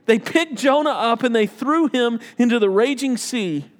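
Man, pastor, high voice, emphatic sermon, repeats phrases, long hall reverb. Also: animated, normal speed.

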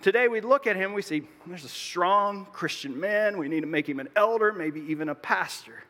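A man's voice: high-pitched, expressive, moderate pace, sharp tone. A man pastor preaching a sermon in a conversational, explanatory way, with joking asides. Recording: long reverb of a large hall.

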